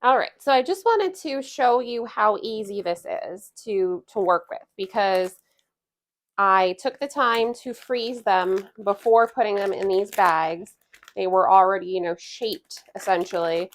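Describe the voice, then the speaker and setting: A woman in her thirties chatting casually through a home cooking vlog in her kitchen, relaxed, with small laughs and fillers. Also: medium pitch. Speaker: homestead cooking vlogger.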